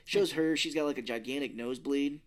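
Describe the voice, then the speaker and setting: A man talks through a film's plot in a loose, rambling way, dropping swear words as he goes. His voice sits at an ordinary middle pitch, and he sounds casual throughout. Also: fairly quick, a loud crowd. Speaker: podcast co-host. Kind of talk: casual movie review chat.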